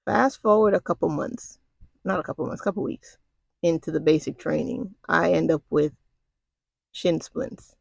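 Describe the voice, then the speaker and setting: Gravelly-voiced woman telling a story. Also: low voice, moderate pace, darkish tone, no room sound. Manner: conversational and colloquial, with frequent asides to the listener. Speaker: storyteller recounting military basic training. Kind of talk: casual spoken storytelling.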